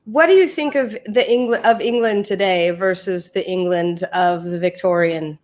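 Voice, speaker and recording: A woman's voice: on the low side, a little mellow. A woman hosting an interview, playful and jokey, asking her guest questions. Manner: playful, jokey, quick to laugh. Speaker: host. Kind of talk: casual interview chat.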